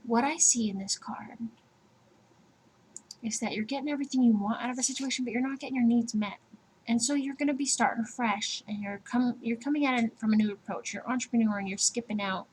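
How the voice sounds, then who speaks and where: A woman's voice: on the high side, fast, a little mellow, a little hiss or hum, low-quality recording. A woman giving a casual personal tarot reading, chatty and laughing, swearing freely and acting out little scenes. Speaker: tarot reader.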